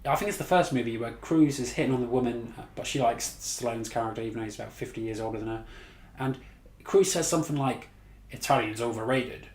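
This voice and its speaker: Male reviewer, casual sweary rant, mid pitch, echoey room. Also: fast, a little mellow. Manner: blunt, sweary, exasperated, laughs at his own mockery. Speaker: movie reviewer. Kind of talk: casual ranting movie review.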